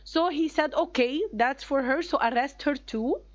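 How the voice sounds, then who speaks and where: A woman teacher with an Egyptian accent walks her class through a story, stopping often with fillers as she retells it. Her voice sits fairly high. The recording is a little dull and lo-fi. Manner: explains step by step with many pauses and fillers. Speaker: English teacher. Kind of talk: classroom reading lesson.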